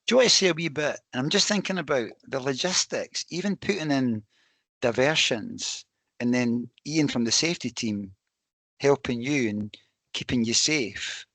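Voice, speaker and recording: A middle-aged man hosting a podcast, with a gravelly, fry-tinged voice. He encourages his guest and thinks out loud between questions. The recording is dry and close. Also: mid-range voice, expressive, normal speed, no room sound. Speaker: podcast host. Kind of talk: casual interview chat.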